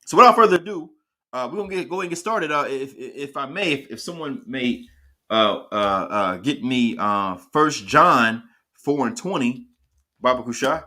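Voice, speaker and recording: A man leading a scripture class in a bright, forceful voice. He restarts his sentences often and keeps checking whether his listeners understand. His pitch sits in an ordinary middle range. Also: lively intonation, moderate pace. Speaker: class teacher.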